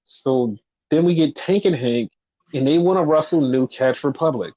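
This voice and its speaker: A man's voice: a little high, normal speed, mellow, no room sound. A man co-hosting a podcast, casually recapping wrestling shows and ranting with swearing when annoyed. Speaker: podcast co-host. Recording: dull lo-fi dry recording.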